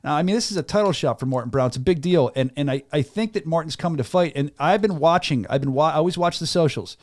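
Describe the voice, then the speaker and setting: A man with a Philadelphia-area accent hosting a casual chat, enthusiastic and full of quick restarts. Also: fairly high pitch, a little mellow. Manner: enthusiastic, rapid, stumbling restarts. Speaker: host.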